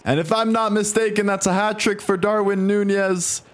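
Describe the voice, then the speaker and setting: High-voiced excitable young man calling game. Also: moderate pace. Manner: excitable, swings from calm to frustrated. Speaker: gaming commentator. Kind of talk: play-by-play game commentary.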